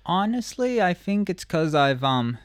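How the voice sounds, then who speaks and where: Smooth-voiced, hesitant comedian man. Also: sits high, big pitch swings, measured pace, dry recording, clean studio sound. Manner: hesitant, many ums, thinks aloud. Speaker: stand-up comedian and guest. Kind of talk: casual chat.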